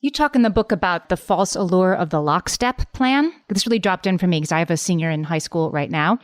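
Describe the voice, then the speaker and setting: Smooth-voiced woman in her forties asking questions. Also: on the low side, fairly quick, no room sound. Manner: inquisitive, relaxed questioning. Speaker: podcast co-host. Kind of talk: podcast interview.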